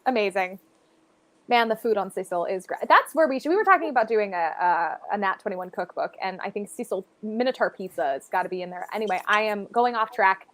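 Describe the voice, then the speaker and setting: A woman's voice: medium pitch, animated, fairly quick, a bit bright, no room sound. A woman narrating a tabletop game as game master, loose and rambling with many fillers.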